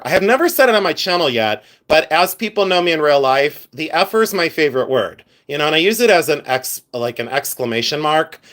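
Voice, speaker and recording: A man's voice: fairly high pitch, a bit bright. A man hosting a live stream about gems, chatting casually with viewers, giggling often and rambling into asides. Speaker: livestream host showing gems.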